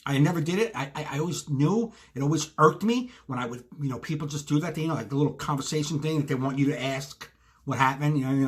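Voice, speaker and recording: This podcast co-host has a mid-range, expressive voice and talks fast. Recording himself on video, he launches into a solo rant, telling an exasperated story and wandering into plenty of asides.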